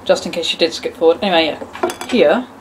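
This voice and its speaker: A woman with a slightly low voice talks through a casual cooking demo in her home kitchen. She keeps up a chatty stream of joking, self-mocking asides. Clattering pans and kitchen noise are clearly heard behind her. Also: a little fast. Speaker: cooking video host. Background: cutlery, pots and kitchen ambience.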